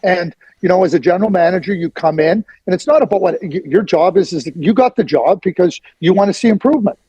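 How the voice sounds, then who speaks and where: A man's voice: high-pitched, fast, warm tone, slightly rough, no echo, highs cut off. A middle-aged man giving blunt, emphatic hockey opinions as a guest on a sports radio interview.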